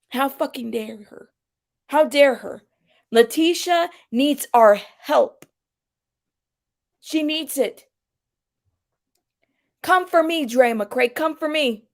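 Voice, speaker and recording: A woman parodying a melodramatic woman streamer who delivers slow, emphatic bursts of outrage. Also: high-pitched. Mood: outraged.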